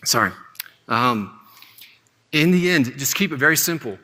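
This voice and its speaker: Male Bible teacher, bright forceful tone, long hall reverb, conversational delivery. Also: a little high, animated, normal speed. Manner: conversational, often asks "right?". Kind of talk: classroom Bible lesson.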